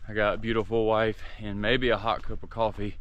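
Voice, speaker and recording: A man's voice: lowish voice, little pitch movement, a little fast, fairly bright tone, highs cut off, slight background noise. A man with a Southern American accent, tired and sore, chatting to the camera as he vlogs a long hike outdoors on a forest trail. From southern United States. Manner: chatty, talking to the camera while hiking. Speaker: hiking vlogger. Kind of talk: casual vlog narration on the trail.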